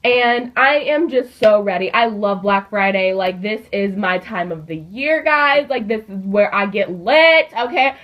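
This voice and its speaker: A teenage girl telling a story in a casual, chatty way, with lots of fillers and an animated delivery. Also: medium pitch, unhurried, hardly any pauses. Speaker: vlogger. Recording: dull lo-fi recording.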